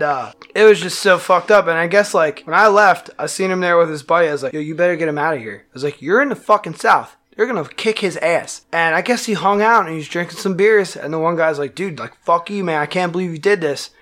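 A man, a band musician, telling a wild story in casual, profane talk, acting out the quotes loudly. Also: on the high side.

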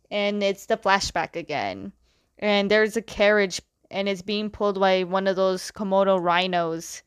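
A woman chats through a story recap, loose and conversational, constantly slipping into "he's like" quotes. Her voice sits in a middle pitch. The recording is dry and close. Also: a little slow, clean tone, no echo. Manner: chatty, retells scenes with "he's like" quotes. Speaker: comic recap talker. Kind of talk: casual recap chat.

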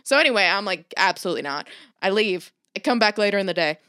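A woman in casual chat who tells a story in an animated way, swears constantly and acts out the people she quotes. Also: mid-range voice, quick pace, clean tone, no room sound, studio quality.

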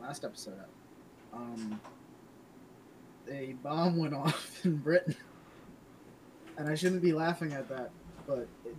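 A young man co-hosting a casual podcast, hesitant, with many pauses and trailing sentences. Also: medium pitch, background noise. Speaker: podcast co-host.

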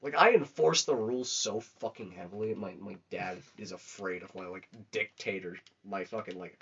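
A man's voice: lowish voice, normal speed, fairly bright tone, a little hiss or hum. A young man chatting casually on a podcast, telling rambling, crude, profanity-laden stories. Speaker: podcast co-host. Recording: dull lo-fi recording.

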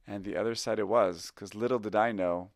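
In clean studio sound with no room echo, a middle-aged improv teacher tells a personal story, his low voice fairly even and fairly quick. The confessional telling is reflective, candid and self-critical.

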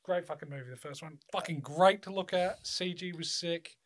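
A man's voice: fairly high pitch, normal speed, slight background noise. A man hosting a podcast in casual chat, laid-back, swearing often and filling with ums. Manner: laid-back, swears a lot, many fillers. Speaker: podcast host.

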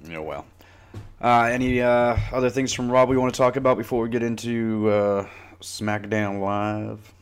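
A man co-hosting a casual podcast, relaxed and jokey, often giving short agreeing replies. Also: medium pitch, moderate pace, smooth. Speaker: podcast co-host. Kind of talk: casual chat.

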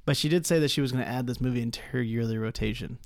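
A young man co-hosting a casual movie review podcast, animated and laughing often. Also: mid-range voice, rapid-fire, gravelly, dry recording, clean studio sound. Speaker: podcast co-host.

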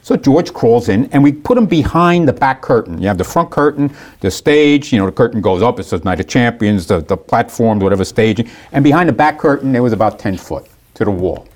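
A man casually telling a long, animated story and acting out the people in it. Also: mid-range voice, brisk. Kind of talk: casual anecdote.

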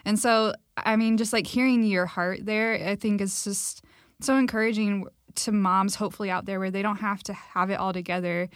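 A woman's voice: medium pitch, fairly even intonation, normal speed, no room sound, clean studio sound. A young woman co-hosting a casual faith conversation on a call, enthusiastic and full of "like" fillers. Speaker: podcast co-host.

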